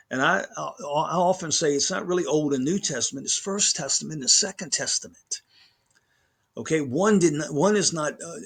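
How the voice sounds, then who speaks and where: A man's voice: medium pitch, fairly bright tone, breathy edge. A man lecturing on grammar as a professor, emphatic, often repeating words and restarting his sentences. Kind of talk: recorded lecture.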